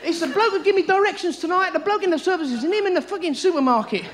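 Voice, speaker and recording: A middle-aged man doing a frantic live stand-up routine, breaking into sudden high yelps, on a large theatre stage. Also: fast talker, crowd noise, noisy background. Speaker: stand-up comedian. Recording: live theatre audio with loud audience laughter.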